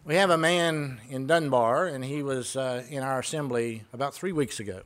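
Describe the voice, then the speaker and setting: A man's voice: mid-range voice, moderate pace, fairly bright tone. A man preaching a sermon in a conversational way, retelling conversations and asking the congregation rhetorical questions.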